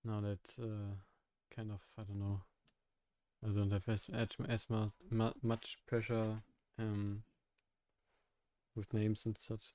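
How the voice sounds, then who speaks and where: A young man chats with his viewers during a live coding stream, with a mellow voice. He thinks aloud, stops and restarts, and laughs often. The sound is dry. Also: fairly low pitch, monotone, slow pace, clear, resonant tone, dry recording. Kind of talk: casual live-stream chat while coding.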